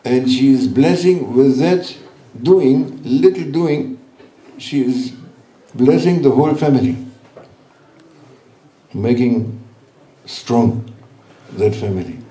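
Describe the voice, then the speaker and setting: A man giving a sermon at a religious gathering, speaking gently and teasingly in broken English to reassure his listeners. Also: medium pitch. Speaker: sheikh giving a religious talk. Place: large hall at a gathering. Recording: roomy hall, voice from far off.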